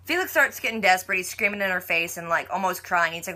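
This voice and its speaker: A woman's voice: fairly low pitch, expressive, fast talker, bright, forceful tone. A woman giving a casual, chatty recap of a TV episode, full of "like" and playful mock quotes of the characters. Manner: chatty, heavy use of "like".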